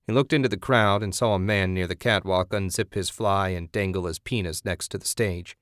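A man narrating an audiobook in a steady, measured way. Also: sits low, no room sound, clean studio sound.

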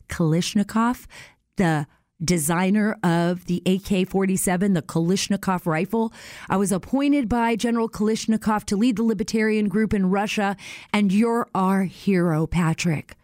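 A woman hosting a show, telling a story in a casual, animated way and acting out what others said. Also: mid-range voice, no echo, clean studio sound. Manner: animated storyteller, acts out quoted voices. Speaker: host.

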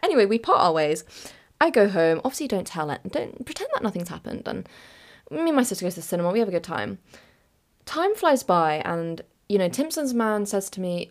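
A woman's voice: mid-range voice, animated, moderate pace. A young woman in her late teens telling a chaotic, giggly story on her podcast. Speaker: podcast host.

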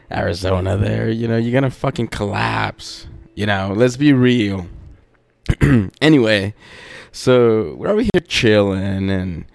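Slow, low-voiced laid-back man. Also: creaky, darkish tone, no echo. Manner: laid-back, profane, lots of fillers. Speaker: podcast host. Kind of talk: casual rambling storytelling.

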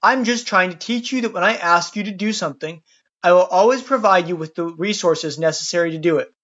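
A podcast narrator voicing God as a calm, patient male deity speaking from a bush, on a dull lo-fi recording. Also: medium pitch, a little fast, close to an everyday voice. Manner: calm, patient, dry humor. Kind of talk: storytelling podcast.

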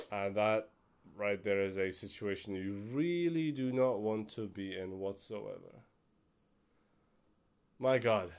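A man's voice: medium pitch, a little mellow. A young man hosting a casual solo podcast, rambling and self-deprecating with many fillers. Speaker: podcast host.

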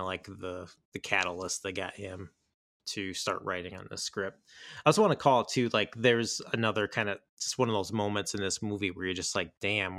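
Podcast host, male, low voice with a bright edge, laid-back filler-heavy chat, dry close sound. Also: no echo. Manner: relaxed, lots of fillers like "like" and "kinda". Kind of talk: casual movie discussion.

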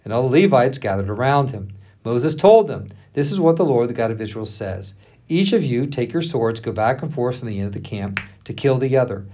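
Husky-voiced male pastor reading aloud. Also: mid-range voice, a little fast. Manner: expressive reading, acting out the quotes with laughs between. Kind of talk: reading scripture aloud with asides.

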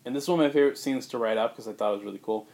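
A man on a podcast telling a story in casual chat, rambling with fillers and putting on quick voices for the characters. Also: mid-range voice, darkish tone. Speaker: podcast co-host pitching a movie.

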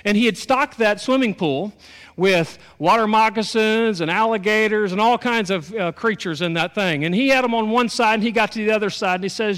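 A man's voice: high-pitched, brisk, fairly bright tone, clean tone, in a large hall. A man from Texas, preaching a sermon in a folksy, storytelling way with touches of humor. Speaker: pastor.

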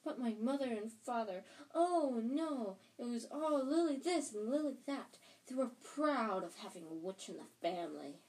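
A woman's voice: fairly low pitch, expressive, fairly quick, vocal fry, few pauses, rough recording. A woman reading a storybook aloud, voicing a spiteful middle-aged aunt who shrieks and rants with bitterness. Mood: shrill bitter.

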